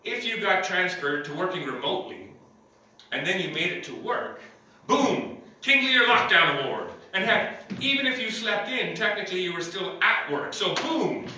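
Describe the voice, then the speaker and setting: A man from Ottawa doing a stand-up comedy set in a comedy club, rambling through deadpan jokes with lots of fillers and chuckles. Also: sits high, moderate pace. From Ottawa, Canada. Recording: echoey club heard from a distance.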